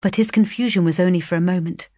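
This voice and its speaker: A woman narrates a classic novel aloud in a measured, expressive way. Her voice is low and the recording dry and close, with no room sound. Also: dry recording.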